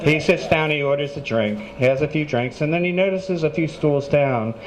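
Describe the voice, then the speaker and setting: Brief: male joke teller, slightly high voice, deadpan delivery, bar noise all around. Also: normal speed. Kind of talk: stand-up joke telling. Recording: noisy bar ambience.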